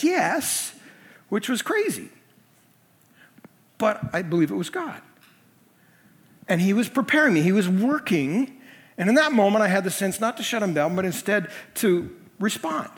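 A middle-aged man preaching a sermon as senior pastor, telling personal stories in a conversational way with self-deprecating asides. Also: high voice. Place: church sanctuary. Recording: long hall reverb.

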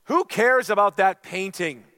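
A man voicing an irate, greedy male art bidder who shouts his complaints. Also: sits high, expressive, normal speed, big-room sound, voice pushed up, exaggerated voice. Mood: scoffing. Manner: shouting, indignant.

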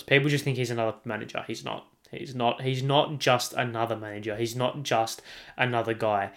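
A man's voice: medium pitch, a bit bright. A man with an Australian accent hosting a solo sports podcast, talking emphatically, repeating his points and swearing freely. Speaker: podcast host.

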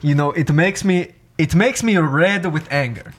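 A man's voice: on the high side, unhurried. A man voicing a polite, easily offended male cousin who has no head, in an improv comedy scene. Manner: polite, wounded, mock-formal.

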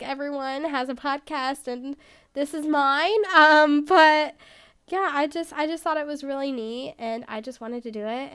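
A woman's voice: sits high, a bit bright. A woman hosting her own podcast in casual solo chat, rambling and self-deprecating, with lots of "like". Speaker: podcast host.

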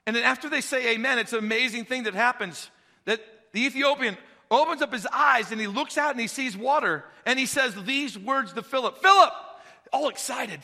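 A man preaching a sermon, telling the story with animated energy and acting out the dialogue. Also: very high-pitched, fairly quick, creaky. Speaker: pastor. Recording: long hall reverb.

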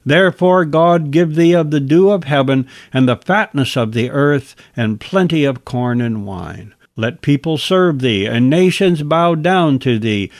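A man voicing an old blind father in a scripture reading, speaking archaic lines in a measured tone. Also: on the high side, animated, dry recording, studio quality. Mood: solemn blessing.

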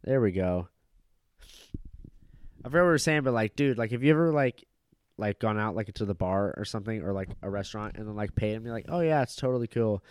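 A man's voice: on the low side, fairly quick, long pauses, clean tone, dry recording. A young man in casual chat, drunk and rambling, swearing casually.

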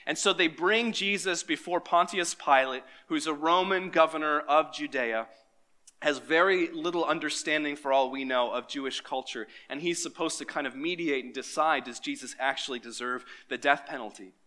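A man's voice: on the high side, normal speed, pushed and bright. A pastor giving a sermon to his congregation, reading scripture and quizzing his listeners in an engaging way.

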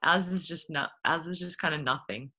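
Bright giggly Australian woman. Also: low voice, normal speed, breathy edge. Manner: giggly, chatty, lots of fillers. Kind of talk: casual chat.

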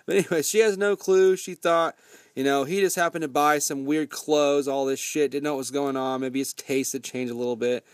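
A man's voice: on the high side, steady tone, brisk, smooth, dry recording, clean studio sound. A man casually recapping a movie plot in a rambling, profane, laid-back way.

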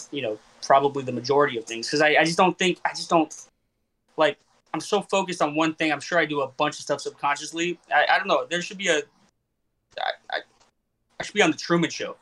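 A man's voice: fairly high pitch, bright, forceful tone. A young man hosting a casual podcast chat, rambling and questioning himself with many restarts. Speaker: podcast host and comedian.

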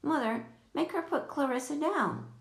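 A woman's voice: high-pitched, animated, moderate pace, vocal fry, pitched above the performer's own voice. A woman reading aloud, voicing a bossy young girl who makes demands. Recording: echoey room.

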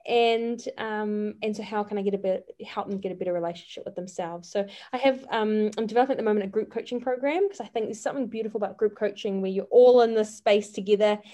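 A woman's voice: mid-range voice, fast, few pauses, dark tone. A woman, a life coach speaking earnestly as a podcast guest, with frequent fillers and restarts. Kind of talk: casual interview chat.

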